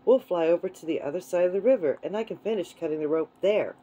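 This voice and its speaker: A woman reading a calm, polite young adventurer. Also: lowish voice, quick pace, husky, muffled recording. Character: calm resourceful boy adventurer, the father.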